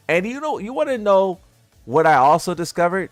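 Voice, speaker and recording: A man's voice: sits high, wildly swooping pitch, moderate pace, no echo, soft background music. A man doing casual commentary for his viewers. He sounds incredulous and teasing, and he laughs at what he reads. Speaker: gaming content creator.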